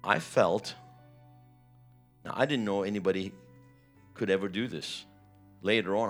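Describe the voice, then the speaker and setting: A man preaching a sermon, retelling a personal testimony with vivid, emotional storytelling. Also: low voice. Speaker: pastor.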